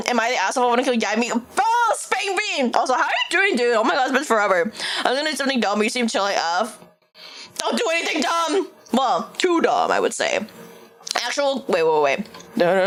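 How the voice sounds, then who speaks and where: A woman's voice: on the high side, a bit bright. A woman VTuber chatting casually on a livestream, swearing freely and laughing often. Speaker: VTuber streamer.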